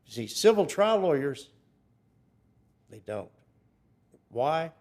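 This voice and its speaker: Seasoned male trial lawyer, older, gravelly voice, makes his point firmly. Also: mid-range voice, animated, moderate pace, a little mellow. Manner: emphatic, explains with examples. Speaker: veteran criminal defense attorney. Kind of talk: casual podcast conversation.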